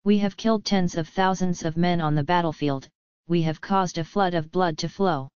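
Tormented young warrior prince, read by a woman, bitter and impassioned, lowish voice, dry and dull lo-fi. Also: normal speed, darkish tone, clean tone, dry recording, lightly acted. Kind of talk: audiobook reading.

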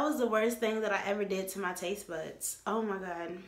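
A young woman vlogging casually to the camera, chatty and expressive, with big dramatic reactions. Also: mid-range voice, moderate pace, few pauses, a little hiss or hum. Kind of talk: casual vlog talk to camera. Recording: echoey room.

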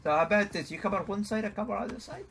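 A man's voice: high voice, animated, racing, gravelly, a crowd in the background. A man chatting while playing a video game, joking in a put-on Scottish accent and laughing a lot. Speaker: gamer. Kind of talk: casual gaming chat.

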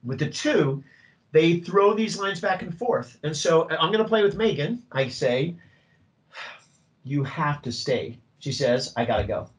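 Animated male drama teacher. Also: on the high side, measured pace, poor audio. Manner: animated, acts out student voices. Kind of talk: teacher workshop talk.

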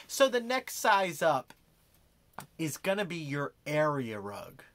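A man doing a deadpan comedy monologue as an over-earnest self-proclaimed rug expert, slipping into savoring, hushed breathy asides. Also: on the high side, a little slow, dry recording. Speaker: comic rug expert character.

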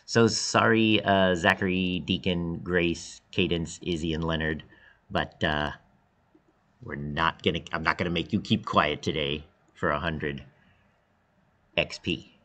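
A man's voice: steady tone, measured pace, pushed and bright. A male teacher talking to his students in an upbeat, encouraging way in an online class video. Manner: upbeat, encouraging, with big pitch jumps.

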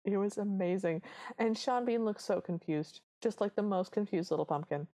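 A woman's voice: mid-range voice, moderate pace, warm tone. Chatty enthusiastic woman podcast co-host. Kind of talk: casual chat recapping a film.

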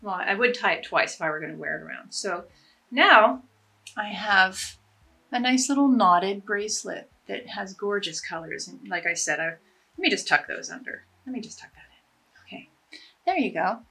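Upbeat woman vlogging a scarf try-on, bright tone, bit husky, jokes about herself. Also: medium pitch, expressive, normal speed. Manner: chatty, enthusiastic, self-deprecating. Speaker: fashion vlogger. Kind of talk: casual try-on demonstration.

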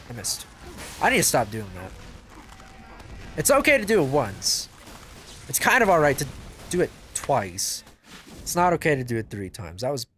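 A man giving casual, excitable gameplay commentary as a video host, swearing and joking to himself. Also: mid-range voice, slight background noise. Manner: excitable, yells and swears at the game; jokey self-talk.

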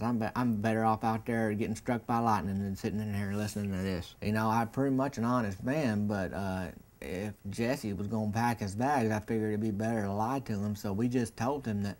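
A man's voice: fairly low pitch, a little mellow. Folksy Southern man telling a tale. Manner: folksy, rambling, colorful sayings. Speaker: comedian in character as a lawn-mowing man. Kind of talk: comic storytelling monologue.

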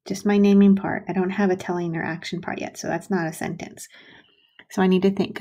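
A woman teaching first graders to write sentences, modeling slowly and sounding out syllables with patience. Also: medium pitch, steady tone, warm tone. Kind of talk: recorded writing lesson for young children.

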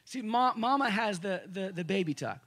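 A male pastor giving a conversational sermon to a congregation. He restarts phrases often and swings between loud emphasis and quiet asides. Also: high voice, lively intonation, moderate pace. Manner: conversational preaching with frequent restarts. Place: church service room with a congregation.

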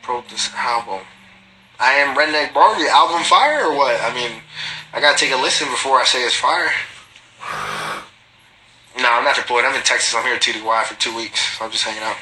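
Man with a very bright, sharp voice. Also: medium pitch, a little fast, long pauses, slight background noise, low-quality recording. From Guatemalan family. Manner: slangy, swears freely, reads comments aloud and answers them. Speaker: livestreaming reality TV personality. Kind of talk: casual livestream chat reading viewer comments. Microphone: phone.

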